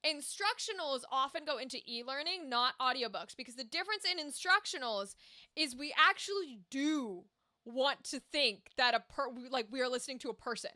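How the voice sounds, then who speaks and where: High, bright-voiced woman chatting candidly. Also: lively intonation, normal speed. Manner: candid, swears freely, chatty asides. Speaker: voice actor streamer. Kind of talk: casual livestream chat.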